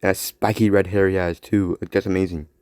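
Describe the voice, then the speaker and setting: A man hosting a solo podcast, rambling excitedly about action figures. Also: deep voice, fairly quick, noisy background. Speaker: podcast host. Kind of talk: casual solo commentary while playing with action figures.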